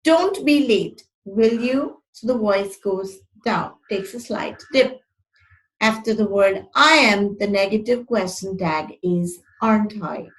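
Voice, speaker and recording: A woman's voice: medium pitch, unhurried, low-quality recording. A woman teaching an online English grammar lesson, who explains step by step, reads example sentences aloud and corrects her own slips.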